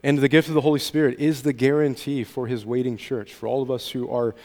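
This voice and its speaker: A man's voice: mid-range voice, flat delivery, brisk, a little mellow, in a large hall. A man speaking as a pastor at communion, earnest, with frequent ums and small restarts. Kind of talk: communion meditation.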